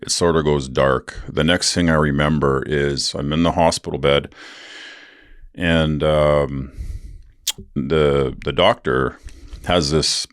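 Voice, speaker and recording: Very deep-voiced man telling a wild story. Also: fairly even intonation, takes it slowly, pauses often, clear, resonant tone, dry recording, clean studio sound. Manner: rambling, profane, lots of fillers; acts out other people's lines in a raised voice. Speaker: podcast host. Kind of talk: casual storytelling.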